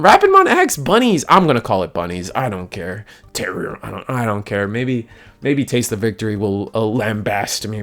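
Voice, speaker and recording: A man casually commenting on tournament deck lists, rambling and excitable, with frequent restarts and tags like "man". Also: on the low side. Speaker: card game content creator.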